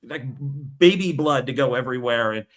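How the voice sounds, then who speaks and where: A man in casual chat as a co-host, teasing his partner with deadpan jokes. His voice sits at an ordinary middle pitch. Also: a little fast. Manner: joking, teasing, deadpan asides. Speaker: co-host of a physical media haul show.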